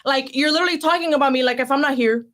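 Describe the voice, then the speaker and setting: A young woman co-hosting a casual podcast, telling an animated story, swearing freely and slipping into Spanish. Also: high-pitched, racing, a loud crowd. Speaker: podcast co-host. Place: studio podcast set.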